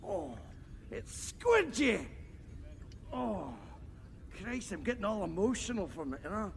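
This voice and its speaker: A gravelly, crude fat brute. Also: male voice, sits high, big pitch swings, slow, heavily acted. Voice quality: gravelly, bawdy. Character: obese crude boastful man, gluttonous and self-pitying. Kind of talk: film comedy acting.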